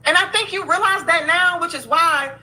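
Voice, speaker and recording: A woman's voice: very high voice, normal speed, pushed and bright, far from the mic, low-quality recording. A woman giving blunt, sarcastic reaction commentary in a scolding, casual tone.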